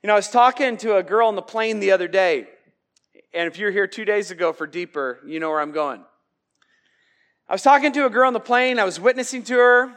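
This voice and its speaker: A man's voice: high-pitched, a little fast, fairly bright tone. A man preaching a sermon as pastor, conversational and emphatic, with joking asides.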